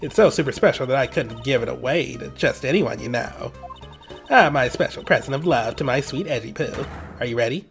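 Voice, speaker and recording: A man's voice: mid-range voice, a little fast, gravelly, soft background music, close to an everyday voice. A man voicing a nagging, lovestruck old woman who talks dramatically while reading game dialogue. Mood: gushing. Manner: whiny, gushing, dramatic.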